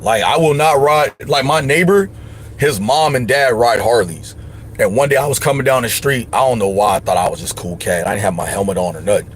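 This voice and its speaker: A man talking casually on a livestream, leaning hard on his points with lots of slang. He hands out advice in a loose, emphatic way, his voice at an ordinary middle pitch. A faint noise sits underneath. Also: fairly quick. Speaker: livestream host.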